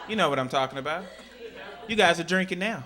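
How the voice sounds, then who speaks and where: High-voiced Texan stand-up comic, noisy recording. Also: male voice, quick pace, over a noisy crowd. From Texas. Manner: animated storytelling, acting out voices. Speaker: stand-up comedian. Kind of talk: stand-up set. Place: comedy club stage. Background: audience laughter.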